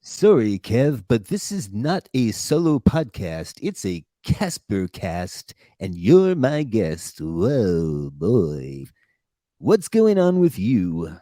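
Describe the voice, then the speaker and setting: A man's voice: fairly low pitch, sing-song, takes it slowly, dark tone, dry recording, clean studio sound. A man hosting a comedy podcast in a playful, hammy manner. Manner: playful, hammy, repeats a catchphrase. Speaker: podcast host.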